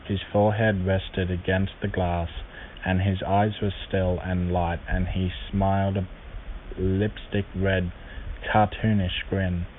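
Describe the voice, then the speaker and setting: A man calmly reading short horror stories aloud as a channel's host, recorded on a tinny, lo-fi mic. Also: low-pitched, slow. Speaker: horror story reader. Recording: tinny lo-fi mic with faint hiss.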